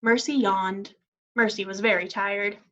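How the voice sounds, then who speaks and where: A woman teacher reading a children's story aloud in a clear, expressive way. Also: medium pitch, a little slow. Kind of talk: children's read-aloud narration. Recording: dull lo-fi recording.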